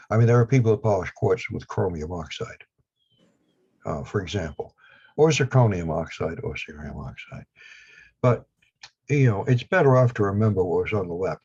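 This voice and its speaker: A man's voice: low-pitched, warm tone, husky. A man with a Down East Maine accent, a guest on a video call interview, talking in a rambling, blunt way with dry humor. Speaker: guest, lapidary equipment maker. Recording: dull lo-fi video call audio.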